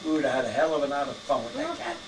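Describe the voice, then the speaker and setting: A man's voice: mid-range voice, wildly swooping pitch, racing. A man in his eighties telling old family stories in casual talk, chuckling as he goes and walking his listeners through each step. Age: 80s. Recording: distant home video with clear background noise.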